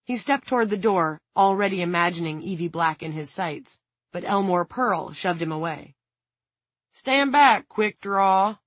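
A woman reading an audiobook in a measured, dramatic narration. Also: fairly low pitch, no room sound.

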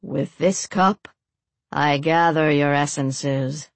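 Give me a cruel old cult priest, as a woman reads him, lowering her voice to a solemn growl and pushing it out louder with a gloating, commanding edge. The sound is dry, with no room around it. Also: slow, no room sound.

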